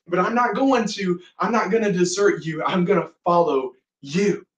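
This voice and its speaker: An impetuous, loyal disciple protests his devotion in a high, insistent voice, as a preacher acts him out. The sound is roomy, as if caught in a hall from some distance away. He pushes each line with urgent emphasis. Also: normal speed, close to an everyday voice.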